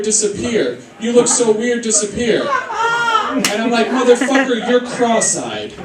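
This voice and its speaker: A high-voiced young man works a comedy club stage, telling brash, profane stories at his own expense. He is picked up from a distance in a roomy club, with the audience laughing loud around him. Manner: brash, profane, self-mocking storytelling. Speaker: stand-up comedian. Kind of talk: stand-up routine.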